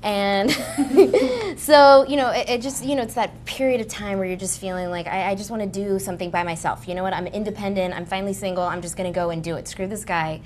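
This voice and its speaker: A woman's voice: medium pitch, brisk. A woman guest on a comedy game show, telling a self-mocking story in a chatty way with giggles. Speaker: celebrity guest. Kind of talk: comic anecdote on a game show.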